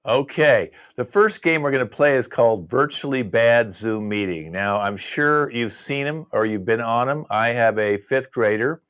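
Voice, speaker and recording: A man's voice: mid-range voice, fairly bright tone, clean tone. Older man hosting an improv show, exasperated. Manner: exasperated, scolding, rapid questions. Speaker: improv show host playing a professor. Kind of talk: live improv comedy on a video call. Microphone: video call.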